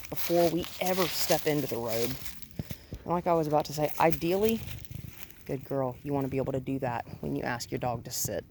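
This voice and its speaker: A woman with a low voice coaches a dog on a walk, explaining her technique as she goes. She talks in a calm, coaxing way, dropping in quick praise between points. Steady outdoor noise sits behind her voice. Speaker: dog trainer. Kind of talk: instructional walk-along narration. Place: outdoors on a residential road.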